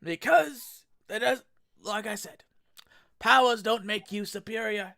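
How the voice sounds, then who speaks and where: A man's voice: sits high, measured pace, vocal fry, pushed and bright. A man playing in a tabletop game, talking in character in a rambling way, often restarting his sentences. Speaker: player.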